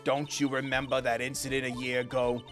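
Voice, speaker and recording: A man's voice: medium pitch, completely flat delivery, fairly quick, faint music behind, close to an everyday voice. A man voicing a cranky old woman security guard, scolding and grumbling at young people.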